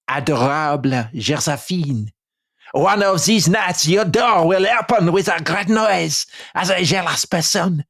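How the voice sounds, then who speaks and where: A man voicing a lovesick Napoleon with a French accent, reading a letter slowly and theatrically. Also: fairly high pitch, a bit bright, no echo, clean studio sound, voice pushed up, full character voice. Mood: amorous. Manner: slow, theatrical, pleading. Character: lovesick Napoleon, grown man writing to his wife.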